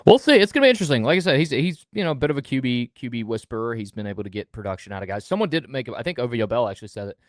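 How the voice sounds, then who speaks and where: A quick-talking man co-hosts a sports chat with lively, swooping pitch. His delivery is fast and animated. The sound is dry and close. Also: no echo. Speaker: podcast co-host.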